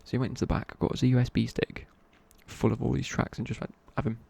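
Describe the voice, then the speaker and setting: A man's voice: medium pitch, level tone, quick pace, vocal fry, dark tone, breathy edge. A young man telling a rambling casual story in a whispered ASMR chat. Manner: rambling, casual, many fillers and restarts. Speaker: ASMR creator.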